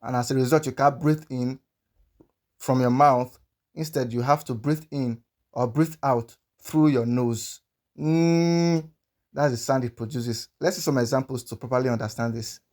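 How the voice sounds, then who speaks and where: A man teaching a pronunciation lesson, speaking slowly and patiently and repeating each sound many times. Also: medium pitch, fairly even intonation, a little mellow. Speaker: language teacher.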